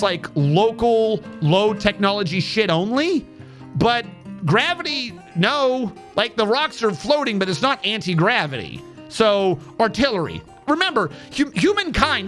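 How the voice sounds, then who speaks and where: A man's voice: high voice, fairly bright tone. A man streaming a game, chatting casually in a rambling, profane way and counting under his breath as he plays. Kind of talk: casual rambling commentary while playing a game.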